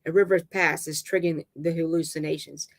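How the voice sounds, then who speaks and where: A storyteller reading a dramatic novel aloud in a steady middle pitch, sometimes tripping over a word and starting again. The delivery is plain and unpolished. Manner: halting reading with restarts and stumbles. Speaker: narrator.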